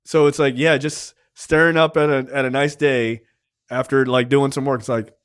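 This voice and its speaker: A man's voice: medium pitch, little pitch movement, moderate pace, a bit bright, clean tone, no room sound, studio quality. A man reviewing a film on a podcast in a loose, rambling, profane way, full of ums and likes. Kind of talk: casual conversational film review.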